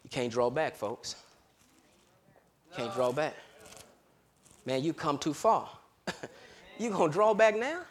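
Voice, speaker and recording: A man preaching a sermon, swinging between loud hollering and low murmurs and laughing often. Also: very animated, takes it slowly, pauses often.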